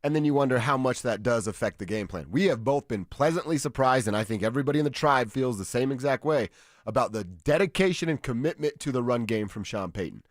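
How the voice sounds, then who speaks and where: Animated man on sports talk radio. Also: medium pitch, dry recording, clean studio sound. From Colorado. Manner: animated, quick asides and restarts. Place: radio studio. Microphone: studio microphone.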